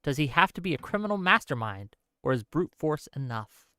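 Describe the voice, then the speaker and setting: A man's voice: on the high side, sing-song, pushed and bright, no room sound, studio quality. A man hosting a live stream, asking the panel questions and reading out paid messages. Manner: reads paid messages aloud in a brisk run. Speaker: stream host reading donations. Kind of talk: casual live-stream chat.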